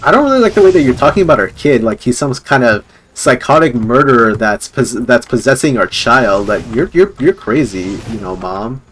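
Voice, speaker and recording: A man voicing a calm, puzzled father who doubts his wife. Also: mid-range voice, normal speed, a little hiss or hum, poor audio.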